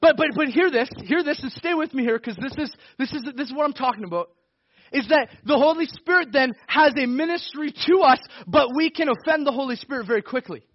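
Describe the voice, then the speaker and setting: Male pastor, conversational sermon, breaks into shouts; very high voice, close and dry. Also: a little fast, no room sound, muffled recording. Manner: energetic preaching with bursts of shouting; conversational, with laughs and self-corrections.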